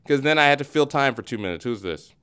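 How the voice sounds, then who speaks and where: Lively man hosting a sports podcast. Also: medium pitch, fast, smooth. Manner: animated, mock-dramatic groans and sign-offs. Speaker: host. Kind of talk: casual sports podcast banter.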